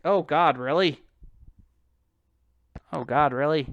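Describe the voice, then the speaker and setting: A man's voice: a little high, slow, a bit bright, dry recording, muffled recording. A young man streaming old PC games, rambling and joking crudely at his own expense. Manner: rambling, crude, self-deprecating. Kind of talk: casual game stream commentary.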